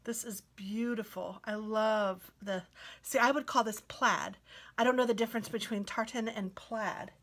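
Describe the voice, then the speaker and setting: A woman craft vlogger chatting casually as she unboxes mail, gushing sweetly and sometimes dropping to a soft whisper. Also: medium pitch, steady tone, normal speed.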